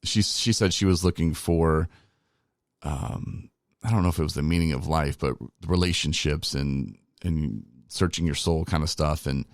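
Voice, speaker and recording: Man, middle-aged, very low voice, dry close sound, candid and rambling, podcast host. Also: dry recording. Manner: candid, rambling, self-deprecating. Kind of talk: casual personal storytelling.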